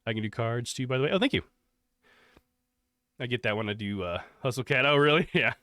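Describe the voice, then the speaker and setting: A man's voice: medium pitch, fairly quick, no room sound. Brief: stuffed-up young male streamer, nasal, easygoing chat, dry mic. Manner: relaxed, rambling, thankful. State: congested and coughing. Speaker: live streamer. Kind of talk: casual chat with chat.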